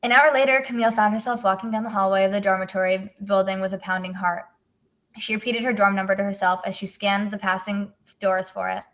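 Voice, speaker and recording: Reading her own story aloud as a co-host, this teen author talks fast in a somewhat bright, medium-pitched voice with little pitch movement. The chat is casual, and she giggles and tosses in joking asides along the way.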